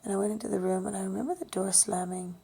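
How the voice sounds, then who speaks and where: A woman with a breathy, gravelly voice recounts a personal memory, often sinking to a near whisper. Her tone is mellow and dark, and she speaks haltingly, with ums and restarts. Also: mid-range voice, steady tone. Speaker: storyteller sharing a personal memory. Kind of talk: personal storytelling monologue.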